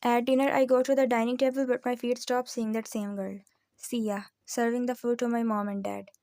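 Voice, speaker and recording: Mellow-voiced woman reading a novel. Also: on the high side, flat delivery, normal speed, dry recording. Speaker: audiobook narrator. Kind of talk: first-person novel narration.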